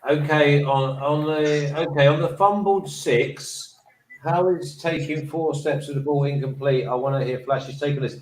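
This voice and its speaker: A British man co-hosting a sports betting stream, teasing the others and reacting excitedly to the game. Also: fairly high pitch, moderate pace, roomy sound, a little hiss or hum, poor audio. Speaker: sports betting show co-host. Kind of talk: casual live-stream banter.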